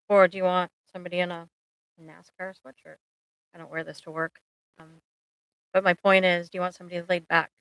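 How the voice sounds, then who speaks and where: A woman's voice: lowish voice, a bit bright, no echo, low-quality recording. A middle-aged woman therapist chatting casually on a live stream, rambling and joking with lots of ums.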